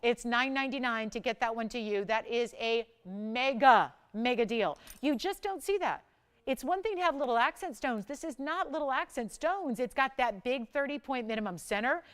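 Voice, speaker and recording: A woman's voice: fairly high pitch, animated, normal speed, smooth. Urgent woman jewelry-channel host. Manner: urgent, countdown-style price reveals. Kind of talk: live TV sales pitch.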